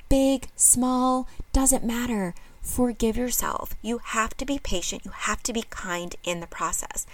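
A woman hosts a self-help podcast, coaching her listeners earnestly and casually. Her voice sits at an ordinary middle pitch and sounds dry and close, with no room around it. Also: no echo. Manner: earnest, encouraging, addresses listeners directly; casual with frequent fillers. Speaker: podcast host.

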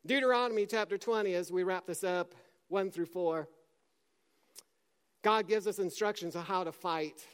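A man preaching a sermon with passion, dropping to a hush and then rising to a shout as he acts out scripture scenes. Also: high-pitched, moderate pace, pauses often, smooth. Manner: impassioned, swings from hushed to shouting; acts out scripture dialogue in character.

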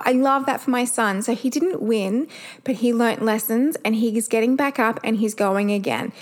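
Aussie mum in her 30s, podcast chat, frank and sweary, a bit high voice. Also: a little mellow. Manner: candid, chatty, swears freely. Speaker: podcast host. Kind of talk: casual solo podcast chat.

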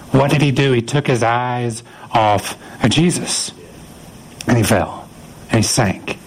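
A man preaching a sermon, retelling scripture as a lively story and acting out the voices of the people in it. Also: mid-range voice, low-quality recording. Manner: animated storytelling, acts out quoted voices. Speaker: pastor.

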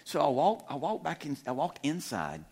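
A middle-aged male preacher tells a story from the pulpit in a lively, self-deprecating way. His voice sits slightly high for a man, and he chuckles often as he talks. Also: normal speed. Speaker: guest preacher. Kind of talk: storytelling sermon. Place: church sanctuary.

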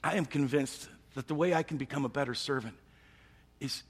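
A man preaching a sermon as pastor, swinging between hushed, intimate moments and loud, emphatic stretches. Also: medium pitch, a little fast, husky, long reverb tail.

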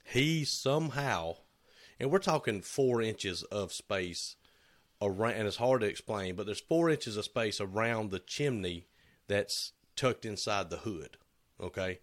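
A middle-aged man chats casually about work on a shop podcast. His voice sits a bit low, and he tells stories with quick quoted bits and laughs. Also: expressive. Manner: storytelling, acts out quotes with laughs. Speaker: podcast co-host.

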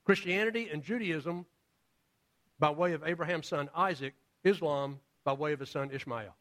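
A male pastor preaches a sermon casually, telling stories and acting out the characters' voices. His voice is fairly high-pitched and fairly bright, at a moderate pace.

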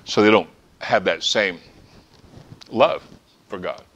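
A man preaching a sermon, excitable, often restarting phrases as he retells a story. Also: on the low side, takes it slowly, highs cut off. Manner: excitable, stumbling restarts, acts out scenes.

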